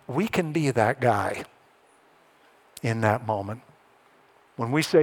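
A man preaching a sermon as pastor, animated and lifting his voice when he acts out what others said. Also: medium pitch, takes it slowly, long pauses. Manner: animated preaching, voice rising to act out quoted speech.

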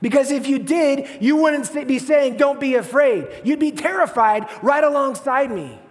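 Brief: preacher putting on a desperate believer man, high and pressing, big hall echo. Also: normal speed. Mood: exasperated. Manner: urgent, rising, exasperated. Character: anxious churchgoer pleading with God, man.

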